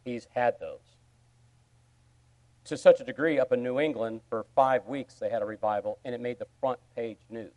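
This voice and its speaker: A man preaching a sermon, telling a story with sudden swings from quiet asides to loud, excited bursts. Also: medium pitch, moderate pace. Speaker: pastor.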